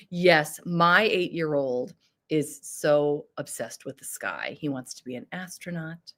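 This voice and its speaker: A woman's voice: sits low, unhurried, pushed and bright. A woman in her thirties hosting a casual livestream, chatting bubbly with viewers and laughing often. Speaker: livestream host. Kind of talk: casual live chat reading comments.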